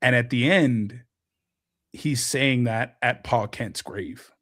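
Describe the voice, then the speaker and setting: A man's voice: medium pitch, slow pace, fairly bright tone, no echo, studio quality. A man, a podcast guest, talking in an earnest and heartfelt way in casual conversation. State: emotional, close to tears. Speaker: podcast guest, content creator.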